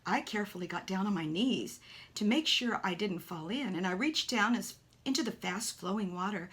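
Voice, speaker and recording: Woman narrator for a kids' storybook, animated delivery with hushed asides. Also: medium pitch, moderate pace. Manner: animated, with soft whispered asides. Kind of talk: children's story reading.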